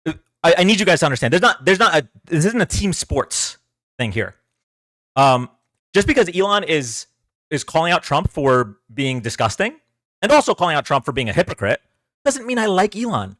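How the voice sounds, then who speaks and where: A man's voice: fairly high pitch, very animated, normal speed, a bit bright, no room sound, studio quality. A man hosting a livestream, talking casually to his chat, exasperated and sarcastic, often repeating himself. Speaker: political livestream host.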